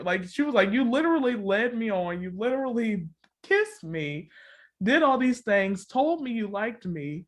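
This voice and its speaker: A woman co-hosting a podcast, casually recapping a dating show with lots of laughter and acted-out quotes. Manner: animated storytelling, acts out quotes with big pitch jumps; laughs often, fills with "like" and "all the things". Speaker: podcast co-host.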